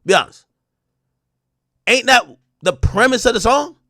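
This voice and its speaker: A man from Jamaica hosting a livestream, ranting loudly and profanely, dropping from shouts to low mutters. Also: animated, unhurried, no room sound, studio quality. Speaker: livestream host. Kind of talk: animated livestream rant.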